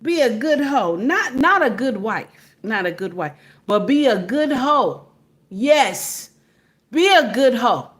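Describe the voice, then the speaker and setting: A woman's voice: a little high, big pitch swings, takes it slowly. A woman giving emphatic, preachy casual commentary to her viewers, repeatedly checking in with "okay?".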